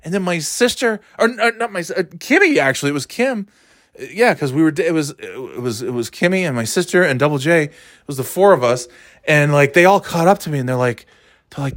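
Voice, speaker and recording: A middle-aged man hosting a podcast and telling stories casually, rambling and swearing, and jumping into a high shout when he acts out his own outbursts. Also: expressive, fairly quick, dry recording, clean studio sound. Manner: rambling and profane, with frequent fillers. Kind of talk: casual comedic storytelling.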